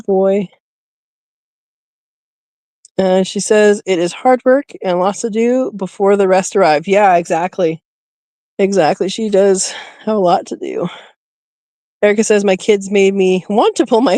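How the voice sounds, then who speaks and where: Here a woman with a warm, medium-pitched voice talks at a moderate pace, with no room sound. She hosts a homesteading livestream from outdoors near a rabbit hutch, recorded on a phone, where she chats casually, coos to her rabbit and laughs often.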